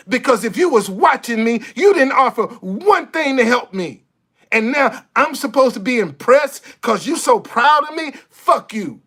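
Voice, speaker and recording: A man's voice: extremely high pitch, lively intonation, normal speed, fairly bright tone. A man in an impassioned monologue to camera, blunt and heavily profane, repeating phrases for emphasis and stammering over restarts as he gets fired up. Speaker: vlogger.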